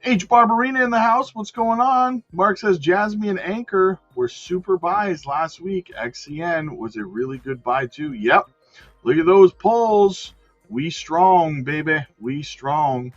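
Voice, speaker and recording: A man's voice: high-pitched, a little slow, muffled recording, soft background music. A man hosting a live crypto stream in a hyped, slangy way, greeting viewers by name. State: out of breath. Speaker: crypto livestream host. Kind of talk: casual live-stream chat.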